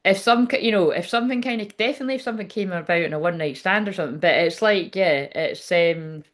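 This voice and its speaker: A woman's voice: on the low side, quick pace. A woman giving a casual, chatty tarot reading, swearing freely, laughing often and trailing off mid-sentence. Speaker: tarot reader.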